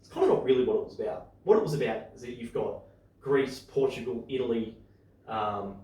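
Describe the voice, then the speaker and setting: A man hosting a podcast, chatting casually and getting excited as he lays out his opinions. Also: medium pitch, far from the mic. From Australia. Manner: excitable, opinionated, speeds up and slows down. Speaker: podcast host. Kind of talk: casual chat. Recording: echoey room, voice off-mic.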